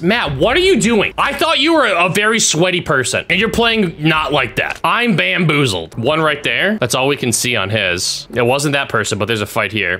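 Lively, excitable male game commentator. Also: medium pitch. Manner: excitable, sarcastic, teasing the players he watches. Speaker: gaming YouTuber commentating. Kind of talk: spectating commentary on a battle royale game.

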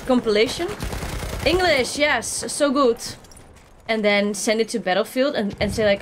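A young Dutch-accented woman talks casually through a gaming stream, chatty and excitable, with sudden yelps. Her voice sits at an ordinary pitch for a woman. Faint gunfire and game sounds play behind her. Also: a little slow, pauses often, noisy background. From Netherlands.

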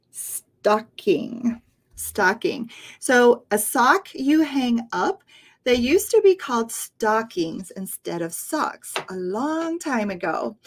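A woman teaching English on a livestream, repeating words patiently for learners. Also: medium pitch. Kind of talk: livestream lesson.

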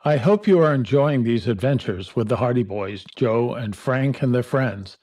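A man reading a children's adventure book aloud in a calm, even way. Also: medium pitch, normal speed. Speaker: storyteller.

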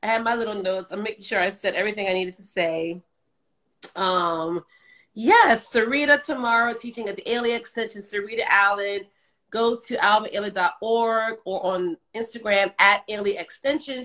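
A middle-aged woman hosts a casual livestream, her voice bright and forceful. She is gushing and emotional, laughing easily as she chats at mid pitch. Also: normal speed. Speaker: livestream host, former dancer.

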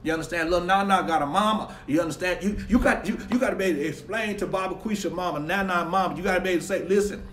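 A man's voice: high-pitched, rapid-fire, few pauses, a bit bright. A man preaching emphatically, repeating and restarting his words as he drives his points home, then praying for his online viewers. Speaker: pastor. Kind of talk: livestreamed sermon and prayer. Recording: echoey room with faint ambient noise.

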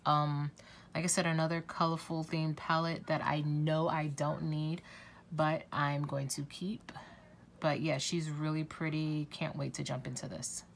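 A woman's voice: sits low, flat delivery, a little slow, gravelly, slight background noise. A woman talking casually to camera as a beauty vlogger, chatty and effusive, swearing now and then.

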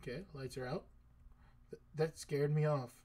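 Excitable young-sounding man gaming. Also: fairly high pitch, normal speed. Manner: joking, excitable, swears casually. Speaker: gaming video creator. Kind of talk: let's-play commentary.

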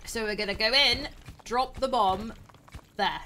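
A young adult woman hosting a live game stream, commentating excitedly and laughing often. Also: a little high, unhurried, slight background noise. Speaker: streamer host.

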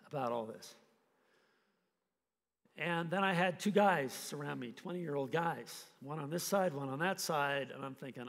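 Man, pastor, storytelling sermon, high voice, long reverb of a hall. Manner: animated, acts out scenes. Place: church hall.

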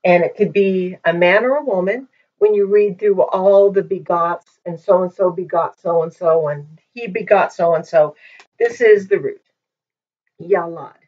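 A woman teaching a language lesson in a patient, methodical way, pausing often with ums, recorded on a poor-quality microphone. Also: fairly low pitch. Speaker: Hebrew teacher. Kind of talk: slow explanatory lesson. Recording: dull lo-fi microphone.

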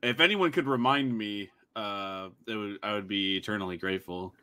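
A man's voice: fairly low pitch, moderate pace, pushed and bright. A man playing a tabletop role-playing game, joking playfully with the group. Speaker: player.

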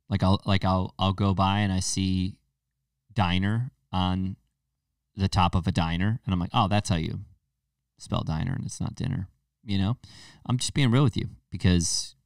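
Rambling New England man, low and dry. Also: clear, resonant tone, dry recording, distant mic. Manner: rambling, profane, jokey rants with sudden loud jumps. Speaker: podcast host. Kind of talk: casual comedic monologue.

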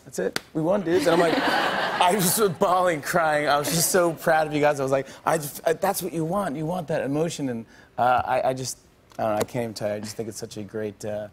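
A man's voice: a little high, steady tone, fairly quick, a little hiss or hum. A man hosting a late-night talk show, gushing and stammering with frequent laughs. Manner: enthusiastic, stammering, laughs a lot. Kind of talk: excited late-night interview. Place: TV studio with a live audience. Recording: cheering studio audience.

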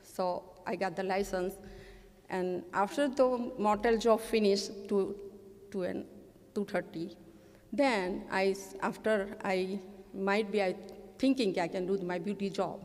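A woman's voice: medium pitch, steady tone, measured pace, a little mellow, long reverb tail. A middle-aged woman from India with an Indian English accent, earnestly telling her own life story at a community storytelling show, voicing the people she met. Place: community event stage.

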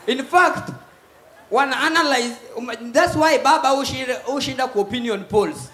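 A man with a Kenyan accent performing a loud stand-up comedy set on a live stage, mixing Swahili and English and acting out voices. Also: very high-pitched, animated, moderate pace, slight background noise. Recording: echoey live venue with faint ambience.

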